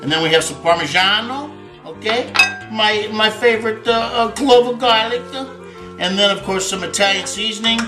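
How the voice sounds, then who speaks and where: A man's voice: high voice, moderate pace. A man hosting a home cooking demonstration, talking in a folksy, joking way and dropping Italian words. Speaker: cooking show host. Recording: echoey room with faint guitar music.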